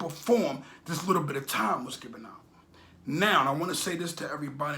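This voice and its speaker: Swinging from loud outbursts to quiet muttering, a middle-aged social media commentator gives animated street-style commentary. He's repetitive and preachy, peppering his talk with rhetorical questions.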